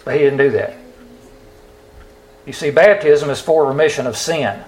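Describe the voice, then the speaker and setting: A man's voice: on the high side, rough recording. Emphatic preacher man. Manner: emphatic, drawn-out stress on scripture quotes; asks the audience rhetorical questions. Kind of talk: sermon.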